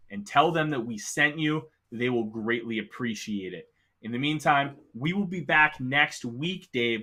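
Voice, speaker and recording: Male sports podcast host with the hiccups, bright and forceful, emphatic and opinionated. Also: medium pitch. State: has the hiccups. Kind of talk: casual sports talk.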